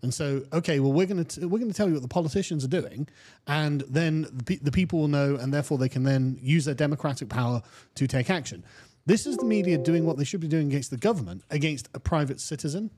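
A man in a political discussion who talks quickly and stammers on the starts of words. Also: a little high, warm tone. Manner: fast, stammers on word starts.

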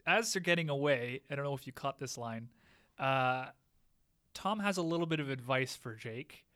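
A podcast co-host who drives the recap of a TV episode, retelling the plot in an animated, casual way. The voice sits at a medium pitch. It is recorded on a close, dry mic with no room sound. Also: moderate pace, no echo.

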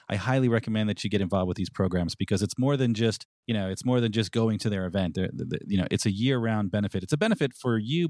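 A man hosting a podcast in a relaxed, chatty way, with lots of fillers and restarts. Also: fairly low pitch, dry recording, studio quality. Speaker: podcast host. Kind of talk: casual podcast chat.

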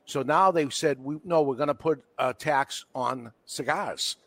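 A man's voice: on the high side, a little slow, dry recording. A man with a Boston accent, a cigar retailer talking casually on a podcast and acting out quotes as he tells stories. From Boston, USA. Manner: animated storyteller, acts out quotes.

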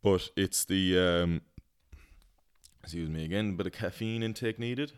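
A man's voice: low voice, measured pace, clear, resonant tone, no room sound. A young man, hosting a podcast in casual chat, rambling, swearing freely and laughing at his own jokes. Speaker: podcast host.

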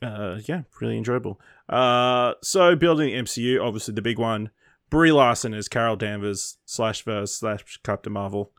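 Laid-back man, low voice. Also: normal speed, fairly bright tone, no echo, studio quality. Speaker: podcast co-host. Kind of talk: casual film discussion.

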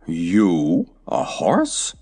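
A man voicing a boastful old male cab horse in a storybook, slow, loud and pompous. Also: low voice, wildly swooping pitch, breathy edge, voice pushed down, full character voice. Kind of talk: storybook character voice.

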